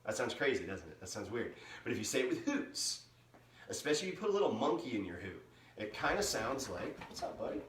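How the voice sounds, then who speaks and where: Animated man teaching kids about owls. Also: medium pitch, fast, a little hiss or hum. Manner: lively, playful, imitates owl calls. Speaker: museum educator. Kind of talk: live educational talk for kids. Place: indoors, museum room. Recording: roomy sound, mic at a distance.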